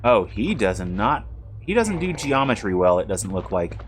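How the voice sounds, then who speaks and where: A man's voice: fairly low pitch, very animated, moderate pace, slight background noise. A man streaming a video game, chatting casually with rambling, jokey asides as he plays. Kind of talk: casual live-stream commentary.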